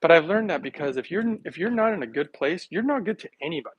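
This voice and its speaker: A man vlogging while making a smoothie, talking in a playful, rambling way to his viewers and laughing often. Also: fairly high pitch, animated, quick pace, no room sound, dull audio. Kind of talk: casual rambling monologue to camera.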